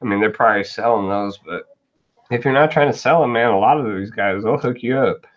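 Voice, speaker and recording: A man hosting a casual comics livestream, chatty and quick to laugh, greeting viewers by name. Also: medium pitch. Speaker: show host. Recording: dull lo-fi stream audio.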